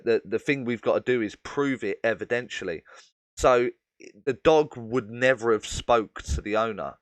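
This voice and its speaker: A man's voice: lowish voice, fairly bright tone, no room sound. A man hosting a live question-and-answer stream as a medium, explaining at length with many fillers and addressing viewers by name.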